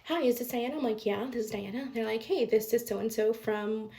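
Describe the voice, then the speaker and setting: A young woman vlogging late at night, tired and chatty, her fairly high voice running fast and emphatic. There is a gravelly fry in her tone, and she keeps checking in with her listeners as she goes. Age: young adult. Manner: fast, animated and emphatic, often adding "okay?". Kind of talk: casual storytelling to camera.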